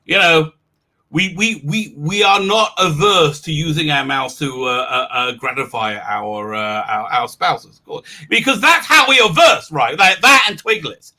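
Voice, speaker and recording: A man with an English accent hosts a casual livestream, rambling through chat with stammered restarts and crude asides. His voice sits high and sounds very bright and forceful. He breaks into loud laughter and shouting now and then. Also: expressive, unhurried. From England. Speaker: livestream host.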